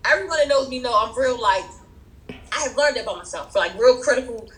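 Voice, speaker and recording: High-voiced woman telling stories. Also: a little fast, roomy sound, poor audio. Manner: animated storyteller, acts out friends' voices. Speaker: podcast guest. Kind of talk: casual chat.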